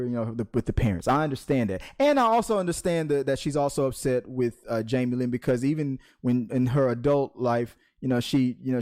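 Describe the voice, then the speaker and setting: A man hosting a casual news panel, talking in halting bursts full of restarts, with dry sarcastic asides. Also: mid-range voice, darkish tone. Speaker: podcast host.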